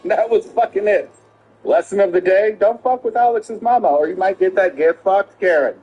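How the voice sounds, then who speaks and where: A middle-aged father telling a story casually, animated and laughing often, acting out the quotes. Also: high voice, a little fast, dull audio, soft background music.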